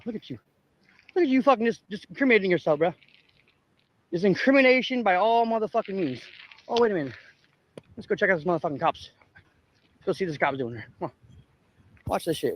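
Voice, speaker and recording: High-voiced, taunting man. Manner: aggressive, profane, taunting. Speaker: street streamer. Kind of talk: confrontational livestream ranting. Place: outdoors on a public sidewalk. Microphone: handheld camera.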